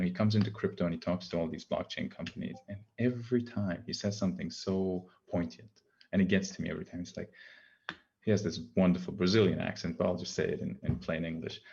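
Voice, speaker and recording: CEO type, low and gravelly, halting delivery, lo-fi call sound. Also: male voice, a little mellow, slight background noise. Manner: halting, many restarts and fillers. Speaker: company CEO. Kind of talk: casual interview talk.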